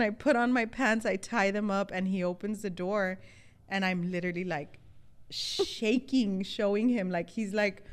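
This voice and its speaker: A woman co-hosting a casual podcast chat, telling a story with animated acted-out quotes. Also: medium pitch. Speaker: podcast co-host.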